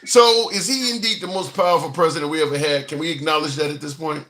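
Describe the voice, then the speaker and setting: A man's voice: a little high, fast talker, sharp tone. A man hosting a live stream, talking in a blunt, profane, rambling way and reading out viewer comments. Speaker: livestream host.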